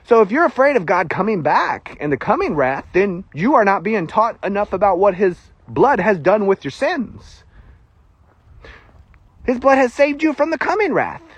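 A man with a Southern US accent preaches a casual sermon in a chatty, self-deprecating way. His pitch sits high for a man and swings widely, and his voice has a husky edge. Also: big pitch swings, moderate pace, no room sound, highs cut off.

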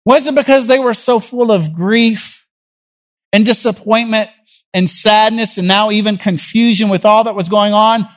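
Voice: mid-range voice, fairly even intonation, normal speed. Preacher telling a Bible story. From Jackson, Tennessee. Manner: conversational storytelling, acts out the people in the passage. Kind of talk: sermon.

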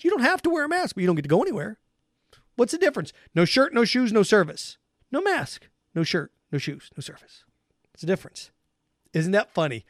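A man with a high, bright voice hosts a sports talk monologue in a sarcastic, mocking tone. The sound is dry and close to the mic, with no room around it. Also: a little fast, dry recording. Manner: sarcastic, mocking, animated rants.

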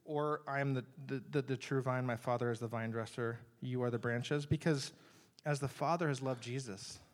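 A man's voice: mid-range voice, fairly even intonation, normal speed. A man preaching a sermon in a conversational, earnest way, with frequent restarts and asides to the congregation. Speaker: pastor.

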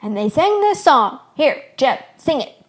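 A woman's voice: fairly high pitch, fairly even intonation, measured pace, darkish tone, lightly acted. A woman voicing an eager, slightly abashed bearded male shepherd in a read-aloud story.

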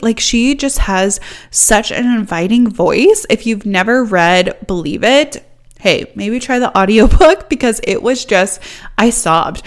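A woman's voice: medium pitch, a little slow. A young woman hosting her own podcast, talking in a chatty, upbeat way with lots of fillers and laughter. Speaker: podcast host. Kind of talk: casual solo podcast chat.

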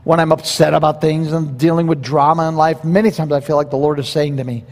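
A pastor preaching a verse-by-verse sermon in a conversational, animated way, with quoted asides. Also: male voice, on the high side, fast talker, hardly any pauses, big-room sound.

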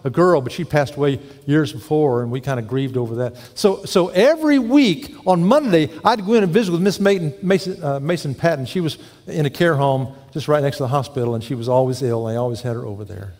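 A man preaching in a slightly high voice, folksy and storytelling, often turning questions on his listeners. His sermon rings with a long echo through a large church hall. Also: a little fast, hardly any pauses, darkish tone. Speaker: pastor.

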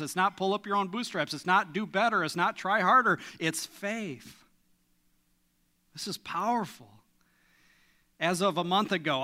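A man's voice: high-pitched, bright, forceful tone. A middle-aged man preaching a sermon in a church, earnest and emphatic, pressing his listeners with questions. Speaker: pastor. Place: church sanctuary.

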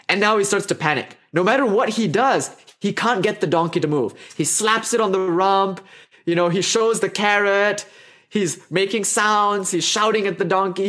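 A man telling a teaching story in a casual, animated way. He laughs often and drifts off on tangents. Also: high-pitched.

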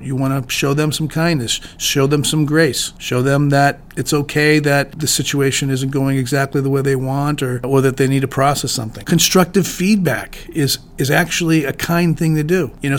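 Earnest man talking leadership. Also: mid-range voice. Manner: earnest, conversational, with frequent restarts. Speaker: podcast host. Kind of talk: solo leadership talk.

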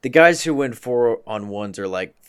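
A man's voice: mid-range voice, animated, normal speed, a bit bright, clear, resonant tone. A man guesting on a podcast who chats casually and hesitantly, using lots of fillers and dry humor. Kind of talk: casual chat.

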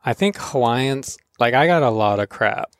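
A man's voice: medium pitch, moderate pace, no room sound. A man from Florida, a pro surfer hosting a podcast, telling stories casually with lots of laughing and acted-out voices. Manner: laughing, animated, acts out voices in his stories. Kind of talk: casual storytelling chat.

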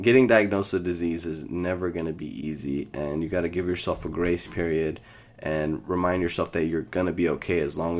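Very deep-voiced young man rambling a story. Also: darkish tone. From Iraq. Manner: scattered, rambling, laughs through his story. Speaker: podcast host. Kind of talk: casual storytelling monologue.

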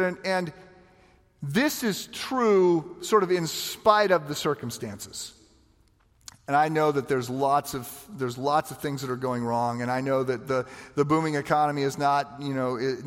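A man preaching a sermon in a conversational, animated way, often repeating words as he starts a thought. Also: mid-range voice, in a large hall. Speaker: pastor.

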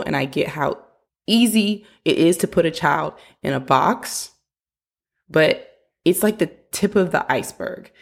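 A woman with a low voice talks through parenting advice in an earnest, coaching manner. She is a young adult host who now and then acts out a frustrated parent's words. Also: vocal fry. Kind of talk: casual advice talk.

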